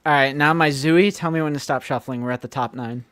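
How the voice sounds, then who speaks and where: A man's voice: medium pitch, brisk, a bit bright, clear, resonant tone, dry recording. A man in a casual group podcast chat, joking around and trying out silly accents.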